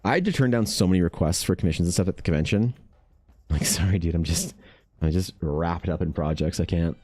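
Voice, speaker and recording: A man's voice: deep voice, quick pace, dark tone, soft background music. A man streaming while he draws, chatting casually with viewers, swearing freely and running himself down. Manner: chatty, swears freely, self-deprecating, reacts to chat. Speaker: artist streaming while drawing. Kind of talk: casual livestream chat.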